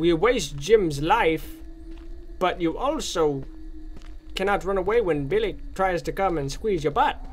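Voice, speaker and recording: A man hosting a gaming channel, giving excitable let's play commentary on a horror game and ranting at it in jest. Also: high voice.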